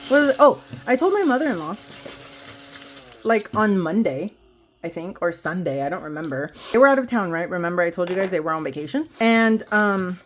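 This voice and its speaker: A woman's voice: fairly high pitch, a little hiss or hum. Budgeting vlogger, female, 30s, chatty and rambling, talks straight to viewers. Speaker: budgeting vlogger stuffing cash envelopes. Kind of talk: casual chatty vlog while counting cash.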